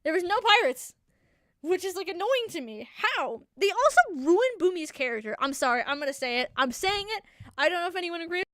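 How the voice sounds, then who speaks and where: A woman's voice: very high voice, very animated, brisk, fairly bright tone, no room sound. A young woman hosting a solo talk show into a desk microphone, chatting casually and animatedly, rambling and laughing often. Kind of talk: casual chat.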